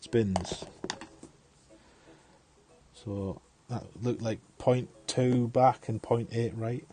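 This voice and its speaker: A man's voice: mid-range voice, steady tone, very slow, mellow. A man giving casual live-stream commentary on a game, chatty, thinking aloud and chuckling often.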